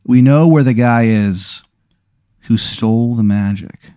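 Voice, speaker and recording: A man's voice: mid-range voice, slow pace, mellow, close to an everyday voice. A man voicing a stern male Christmas elder in a heavy German accent. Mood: urgent.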